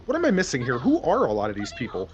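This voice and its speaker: A man's voice: mid-range voice, wildly swooping pitch, fast, highs cut off. A man thinking aloud and laughing often as he reacts to a show he is watching for the first time. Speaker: anime reaction host. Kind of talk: casual reaction commentary.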